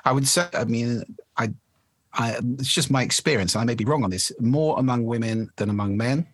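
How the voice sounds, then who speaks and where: A man who is an expert on the voice, explaining speaking habits in a measured, articulate way during an interview. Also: mid-range voice, no echo.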